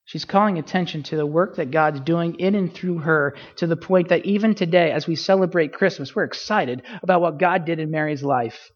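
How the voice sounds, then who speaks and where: A woman preaching a sermon, asking rhetorical questions and swinging her pitch widely for emphasis. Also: a little fast, few pauses, highs cut off.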